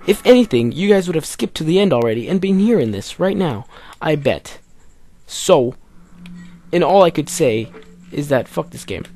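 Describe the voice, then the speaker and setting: A man hosting a let's play, cursing and exasperated as he comments on his game, jumping between loud outbursts and low mutters. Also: gravelly. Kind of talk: gameplay commentary.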